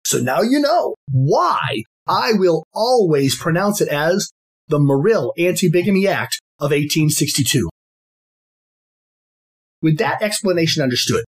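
A man hosts his podcast with a husky, slightly breathy voice. His pitch swings widely as he stresses point after point. He reads a prepared script in a deliberate, formal, emphatic manner. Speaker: podcast host.

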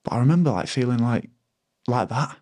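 Here the podcast guest, a retired rugby player in his thirties, sounds animated and slightly quick, with a somewhat dark tone to his otherwise ordinary mid-pitched voice. Though lively, he stays thoughtful and sincere, repeatedly circling back and restarting lines as he reaches for the right expression.

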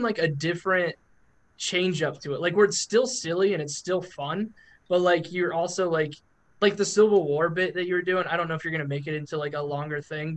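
A man's voice: a little high, a bit bright. A man hosting a podcast in casual chat, rambling through stories with lots of filler words. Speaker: podcast host.

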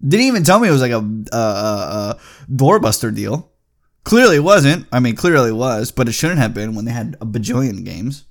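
Young male vlogger, gravelly fry, swearing through a heated rant with sudden loud jumps. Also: sing-song, brisk. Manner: profane, heated ranting that swings loud and high. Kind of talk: casual storytelling rant.

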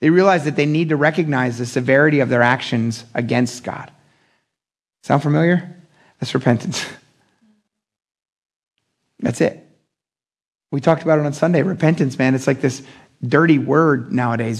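A young adult man preaching a casual midweek sermon, talking in an animated, conversational way with slang and acting out the voices he quotes. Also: medium pitch, normal speed, long pauses, slightly rough. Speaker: pastor.

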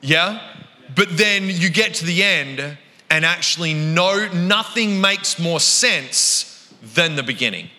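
A man's voice: a little high, lively intonation, slow pace, bright, forceful tone. A man with an Australian accent preaching a sermon as a guest speaker, chatty and joking at his own expense. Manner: chatty, joking, self-deprecating. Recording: reverberant church hall.

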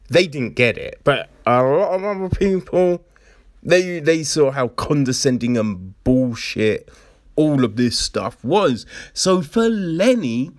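Sarcastic, profane man ranting slowly. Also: a little high, dry recording, clean studio sound. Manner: profane, sarcastic, mocking voices of others. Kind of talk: casual ranting commentary.

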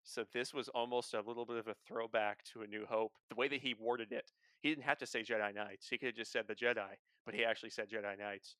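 A man's voice: on the low side, fairly even intonation, fast, few pauses, pushed and bright, clean tone, no echo. A man from the United States in a casual, enthusiastic fan discussion, rambling through details.

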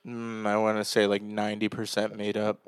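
A man's voice: on the low side, completely flat delivery, fairly quick, clean tone. A young man co-hosting a casual podcast, loose and joking, swearing freely as he chats. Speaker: podcast co-host. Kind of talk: casual chat.

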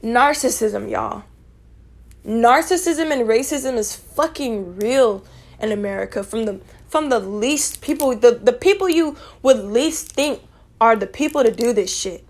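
A woman's voice: fairly high pitch, animated, a little slow, a little mellow. A young woman venting to her viewers in a blunt, profane, exasperated rant, calling out people directly. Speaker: vlogger. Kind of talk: angry personal rant to camera.

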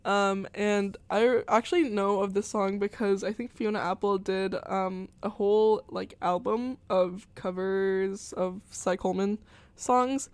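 A woman's voice: medium pitch, fairly even intonation, a little slow, a little mellow, smooth, no echo. Rambly young woman radio host, dry sound. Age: young adult. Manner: rambling, filler-heavy, giggly. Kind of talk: casual chat. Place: college radio studio.

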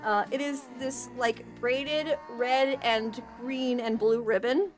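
Giggly woman gm narrating a tabletop game, high voice, restarts a lot, faint music under it. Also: steady tone, takes it slowly. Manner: rambling, laughing, with many restarts. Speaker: game master.

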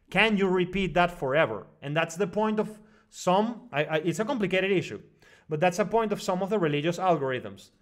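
Man, slightly higher-pitched voice, animated storyteller, run-on sentences, fillers and restarts, remote call mic. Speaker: guest on a live online broadcast. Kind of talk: long rambling personal story in casual discussion.

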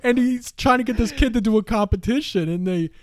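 A man's voice: very high-pitched, a little fast, dry recording, studio quality. A man telling stories in casual chat, swearing freely, laughing and acting out quotes. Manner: laughing, profane, acts out quotes.

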